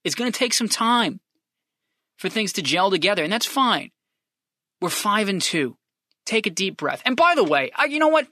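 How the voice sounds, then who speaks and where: A man's voice: sits high, a little fast, no echo, clean studio sound. A man hosting a podcast, delivering a profane, fired-up sports fan rant with lots of repeated emphasis. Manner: lively swings between loud and hushed. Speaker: podcast host.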